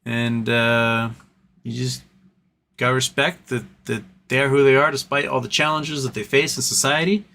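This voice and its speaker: A man's voice: medium pitch, fairly even intonation, normal speed, gravelly, pushed and bright, slight background noise. A man hosting a casual livestream, reading chat messages aloud and answering them in an earnest, rambling way with frequent restarts.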